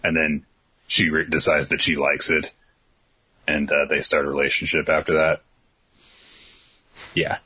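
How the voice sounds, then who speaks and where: A man's voice: extremely low pitch, little pitch movement, a little slow, long pauses, bright, forceful tone, breathy edge. A man co-hosting a podcast, talking casually and bluntly, with many fillers. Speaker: podcast co-host.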